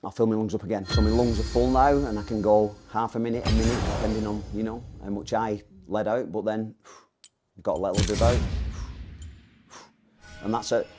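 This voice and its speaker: A man's voice: lowish voice, steady tone, a little fast, over music. A man coaching on breathing and stance for mixed martial arts in a rambling, self-correcting instructional talk. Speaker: MMA coach.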